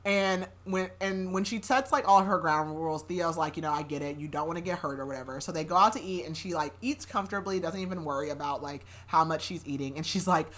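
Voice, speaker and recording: A young adult woman hosting a podcast, retelling a story in loose, casual chat. Her voice sits a little low for a woman, and she fills her talk with "like" and easy laughter. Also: brisk, few pauses, a bit bright. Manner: chatty, laughing often, heavy use of "like". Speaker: podcast host recapping a novel.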